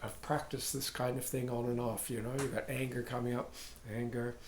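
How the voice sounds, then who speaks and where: An older man, a dharma teacher, giving a contemplative talk in halting, searching phrases with frequent asides. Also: medium pitch, flat delivery, echoey room, a little hiss or hum.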